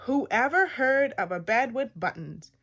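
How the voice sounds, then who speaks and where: An excited young schoolgirl exclaims in a raised, lively voice, as a woman reading a children's storybook puts her on. She speaks slowly, drawing out her amazement with big leaps in pitch. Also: exaggerated voice. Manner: exclaiming, higher and louder than the narration.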